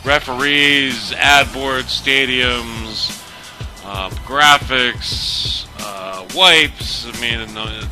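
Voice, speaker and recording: A man's voice: medium pitch, extremely slow, music in the background. A man casually talking over his football game footage, rambling with lots of fillers and restarts. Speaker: gaming video host. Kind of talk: casual gameplay commentary.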